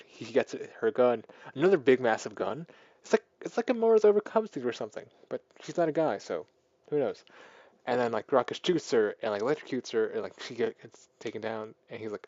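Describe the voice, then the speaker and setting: Rambling man excitedly retelling a movie. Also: medium pitch, brisk, dry recording, lo-fi sound. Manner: rambling, filler-heavy, excited plot retelling. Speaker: movie reviewer. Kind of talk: casual spoken film review.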